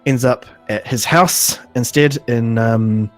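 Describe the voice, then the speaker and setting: A man recapping an episode on a casual podcast, halting, full of ums and restarts, laughing often. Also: mid-range voice, fairly even intonation, faint music behind. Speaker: podcast host.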